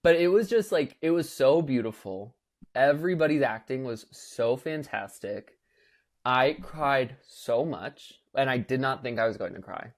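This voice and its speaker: A young man co-hosting a casual podcast, telling a lively story with lots of fillers and acting out what people said. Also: medium pitch, a little slow. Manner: animated storyteller, acts out quotes in voices, many fillers. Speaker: podcast co-host.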